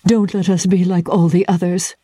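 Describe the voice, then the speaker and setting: A woman reading aloud, voicing a troubled, guarded young woman who speaks hesitantly, at times in a hushed whisper. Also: on the low side, slow, husky, no echo, pitched above the performer's own voice.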